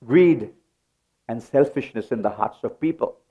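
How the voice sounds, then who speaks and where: Slow, emphatic preacher. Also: male voice, mid-range voice, phone-quality sound. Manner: emphatic call-and-response preaching. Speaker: pastor. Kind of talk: sermon. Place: church.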